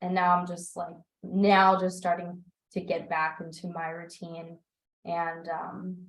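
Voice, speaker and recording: A young woman chats on a video call, her voice sitting fairly low and carrying a roomy echo. She tells stories with animation, laughing and acting out what she and others said. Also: measured pace. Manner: animated, laughing, quotes herself in lively voices. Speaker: book club member. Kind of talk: casual chat on a video call.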